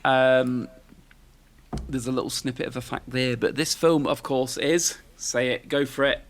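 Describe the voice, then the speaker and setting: A man's voice: mid-range voice, fairly even intonation, unhurried, slight background noise. A man, hosting a podcast in casual, rambling chat and tossing questions to his co-host. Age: 40s.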